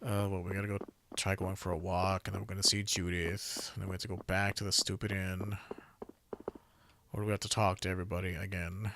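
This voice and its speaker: A man's voice: low-pitched, flat delivery, a little fast, noisy background. A man giving casual, rambling gameplay commentary, offhand and swearing freely, with game music behind him. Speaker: gamer streamer.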